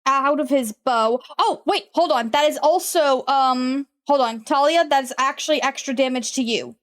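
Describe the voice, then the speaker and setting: A woman running a tabletop game online, relaxed, chatty and quick to laugh. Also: high voice. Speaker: game master.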